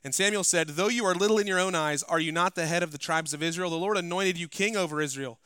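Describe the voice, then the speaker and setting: A male pastor preaching a sermon, climbing to loud, emphatic passages and dropping to quiet asides. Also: a little high, fast talker, smooth, no echo, clean studio sound. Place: church.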